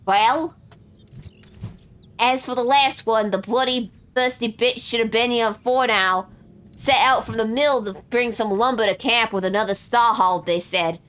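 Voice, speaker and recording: A woman's voice: on the high side, unhurried, a bit bright. A woman voicing a crude, foul-mouthed female pirate captain, reading game dialogue in coarse old-timey pirate slang and stumbling over words. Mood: gruff. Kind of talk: reading game quest dialogue aloud in character.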